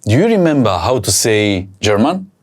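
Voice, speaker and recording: A man teaching a recorded language lesson, saying each word slowly and repeating it for learners to practise. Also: fairly low pitch, very animated, background noise.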